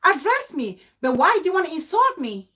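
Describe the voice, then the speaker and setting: A young Cameroonian woman hosts a live-stream vlog, talking straight to her viewers. Her voice sits high and swings widely in pitch. She presses each point hard and circles back with repeated rhetorical questions. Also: very animated, a little fast, pushed and bright. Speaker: vlogger hosting a live stream.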